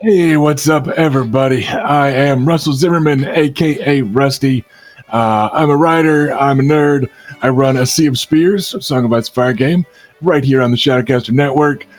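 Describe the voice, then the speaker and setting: A man's voice: medium pitch, moderate pace, faint music behind. A man who is a writer and a tabletop player, introducing himself in an upbeat, self-deprecating way over a video call.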